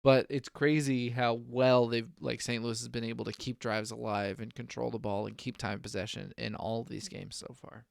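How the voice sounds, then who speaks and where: A man's voice: mid-range voice, little pitch movement, normal speed, gravelly, few pauses, no room sound, clean studio sound. A young man co-hosting a sports podcast, chatting casually about football and laughing often. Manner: laid-back, laughs often. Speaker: podcast co-host.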